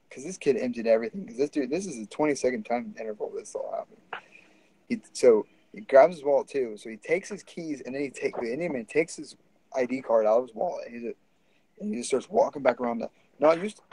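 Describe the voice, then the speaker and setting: A man's voice: mid-range voice, expressive, quick pace, mellow, breathy edge, low-quality recording. A man telling a story in a casual, rambling and profane way.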